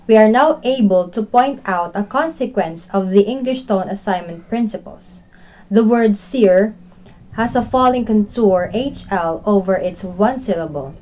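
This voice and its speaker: Slow, mellow-voiced young woman reading a report. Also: mid-range voice, a little hiss or hum, rough recording. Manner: slow, careful reading of a prepared text. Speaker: student reporter. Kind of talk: reading a class report aloud.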